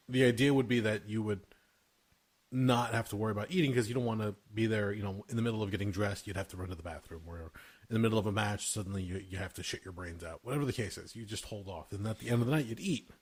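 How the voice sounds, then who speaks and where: A man in his thirties hosting a podcast, telling casual stories, swearing freely and laughing through them. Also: on the low side. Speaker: podcast host. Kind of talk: casual storytelling chat.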